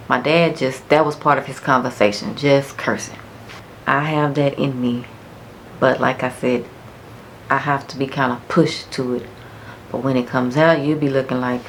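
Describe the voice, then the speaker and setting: A woman's voice: a bass voice, slight background noise. A woman vlogger telling a personal story in a frank, casual, reminiscing way.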